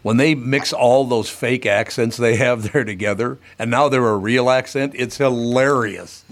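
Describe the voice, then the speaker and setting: Speaking at a measured pace in a medium-pitched voice, a man hosts a radio show. He tells stories through casual banter, animated and swearing freely as he goes.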